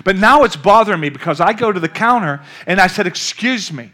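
A man's voice: sits high, brisk. An older man, a pastor, preaching a sermon through a long story, calling out questions to the congregation. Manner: storytelling, animated, calls out to the congregation.

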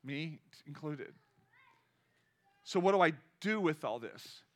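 A man's voice: on the high side, animated, takes it slowly. A man preaching a sermon to a congregation in a church, talking conversationally, asking the room questions and rising to impassioned cries. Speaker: pastor.

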